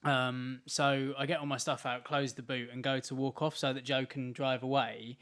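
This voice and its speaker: Guy on a podcast, dry self-mocking stories, mid pitch. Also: level tone, normal speed, a bit bright. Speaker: podcast co-host. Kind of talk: casual chat.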